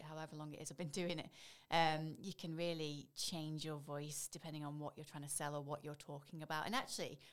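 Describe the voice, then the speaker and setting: A woman in her thirties speaks with a Staffordshire accent from the Stoke area. She talks quickly in a fairly low register, chatty and loose, sprinkling in "you know" as she goes. She is a voiceover artist being interviewed. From Stoke-on-Trent area, England. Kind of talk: casual conversational interview.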